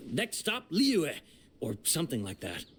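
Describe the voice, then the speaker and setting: A man's voice: fairly high pitch, wildly swooping pitch, measured pace, fairly bright tone, slight background noise, full character voice. An actor voicing a jittery young man in a video game, nervous and stammering as he defends himself. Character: jittery young man caught in a shady deal.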